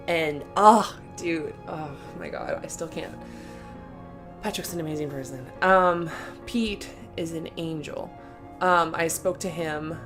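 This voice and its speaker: A young woman telling a story in a casual vlog. She gushes with emotion, says "like" and "um" often, and laughs between sentences. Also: lowish voice. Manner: gushing and emotional, with filler words and laughs. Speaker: vlogger.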